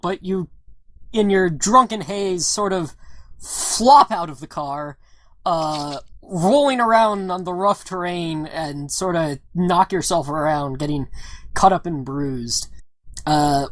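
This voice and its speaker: Brief: woman GM, deep voice, loose and giggly narration, dry mic. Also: no echo. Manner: laughs often, hesitant fillers while improvising. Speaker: game master. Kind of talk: narrating a tabletop game.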